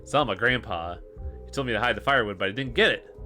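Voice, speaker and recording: A man's voice: medium pitch, quick pace, pushed and bright, soft background music, close to an everyday voice. A man voicing a superstitious townsperson in a game, rambling in a folksy, grumbling way.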